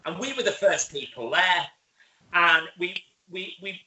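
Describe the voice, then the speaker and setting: A man's voice: sits high, a little slow, pushed and bright, low-quality recording. A man telling rambling funny stories in casual chat and laughing a lot, as a show host.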